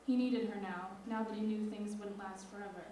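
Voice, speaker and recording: A teenage girl with a mellow, dark-toned voice reads her lyric essay in a measured, expressive way. She is set back from the mic in a large echoing hall, with faint noise behind her. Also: mid-range voice. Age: teens. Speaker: student writer. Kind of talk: reading a lyric essay aloud. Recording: echoey hall from far off.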